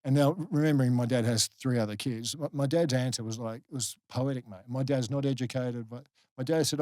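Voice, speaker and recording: A middle-aged Australian man, a guest on a podcast, telling a personal story candidly, halting and restarting often. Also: medium pitch, fairly even intonation, warm tone, dry recording. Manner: halting, many restarts, earnest. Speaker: guest, former rugby league player.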